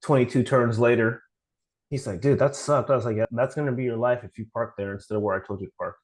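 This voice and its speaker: A man's voice: mid-range voice, fairly even intonation, quick pace, low-quality recording. A man hosting a podcast, chatting casually and telling a story, often quoting what others said and restarting his sentences. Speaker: podcast host. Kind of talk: casual chat.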